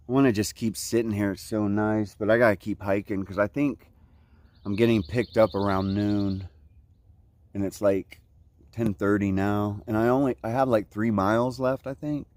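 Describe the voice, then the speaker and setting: On a dry recording, a thru-hiker vlogger in his forties from Central Florida talks casually from an outdoor hiking trail. His voice is lowish and a little mellow, and his relaxed surfer speech is peppered with "like, you know, man."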